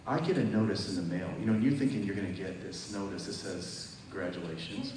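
A man with a fairly low voice preaches a testimony sermon, telling his story with acted-out dialogue and building to loud, emphatic peaks. He is picked up from a distance in a very echoey church hall. A clear hiss of room noise sits under his voice. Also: lively intonation, fairly quick. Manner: storytelling, acts out phone calls, rises to loud emphatic peaks.

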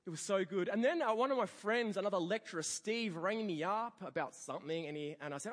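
A high-voiced man preaches a sermon with wide, animated swings in pitch. He acts out quoted voices as he tells his story. His voice rings with the long reverb of a church hall. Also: brisk, few pauses. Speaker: pastor.

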